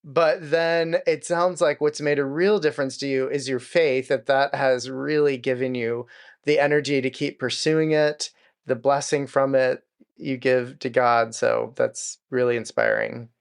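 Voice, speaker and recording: A man's voice: medium pitch, flat delivery, measured pace, gravelly, clean tone. A man hosting an interview, affirming his guest and asking open questions. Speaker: interview host. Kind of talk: conversational interview.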